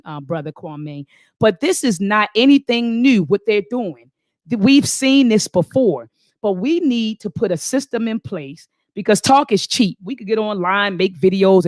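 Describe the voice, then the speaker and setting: A woman's voice: fairly low pitch, no echo, clean studio sound. A woman hosting a live online talk, reading viewer comments aloud and speaking with fervent, preacher-like conviction, often calling the audience "family". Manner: thinks aloud, restarts and repeats phrases.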